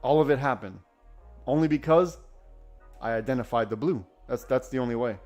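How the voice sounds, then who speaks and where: A man hosting a live trading stream, talking casually and excitedly, often restarting his sentences. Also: medium pitch, a little fast, faint music behind. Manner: enthusiastic, rambling, self-correcting. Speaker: day-trading livestream host.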